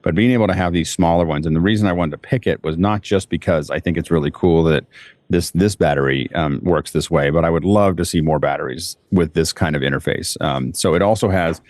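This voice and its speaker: Deep-voiced man rambling about gear. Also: fairly quick, darkish tone, no room sound. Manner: rambling, many restarts. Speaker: podcast panelist. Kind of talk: casual tech chat.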